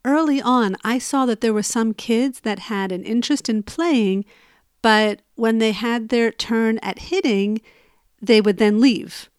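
A woman's voice: a little high, unhurried, clean tone, dry recording, clean studio sound. A woman telling a personal story in a conversational way, growing emphatic as she relives an argument.

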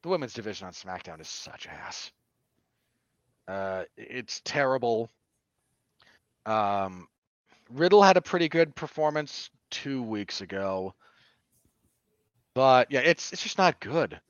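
A man's voice: medium pitch, big pitch swings, slow, long pauses, dry recording, muffled recording. A man co-hosting a podcast, chatting casually and dropping dry, sarcastic asides. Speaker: podcast co-host. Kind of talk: casual chat.

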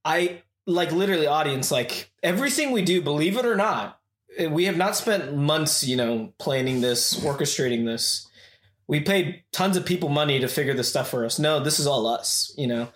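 A man's voice: fairly high pitch, expressive, moderate pace, fairly bright tone. A man hosting a podcast in casual chat, rambling and addressing the audience, in a roomy recording. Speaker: podcast host. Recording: roomy echo.

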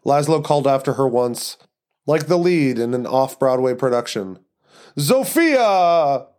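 A man reading a story aloud as narrator and host of his podcast, in an even, measured way. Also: mid-range voice. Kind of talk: scripted narration.

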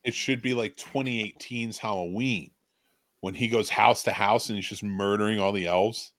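A man's voice: on the low side, moderate pace, no echo. A man in a casual podcast chat, telling a story with lots of swearing and acting out scenes. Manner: animated, swearing storyteller who acts out scenes. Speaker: podcast co-host.

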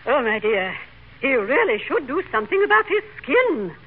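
A woman's voice: high-pitched, big pitch swings, normal speed, phone-quality sound. An actress playing a prim, genteel society lady in 1940s radio comedy, gushing and flustered. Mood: fluttery. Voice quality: affected, genteel. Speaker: society club lady visitor. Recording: scratchy 1940s radio broadcast, hissy.

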